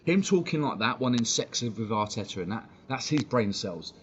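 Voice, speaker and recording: Male stream host, heated sweary rant, mid-pitched, dull lo-fi mic. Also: lively intonation, moderate pace. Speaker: fan channel host. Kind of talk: ranting live-stream commentary. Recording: dull lo-fi stream audio with faint noise.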